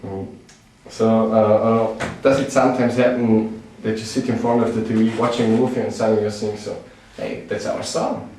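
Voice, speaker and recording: A man whose first language is German, interviewing and asking questions in a halting way with many hesitations. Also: on the low side, fairly even intonation, dark tone, slight background noise. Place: old cinema venue. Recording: echoey room from a distant mic.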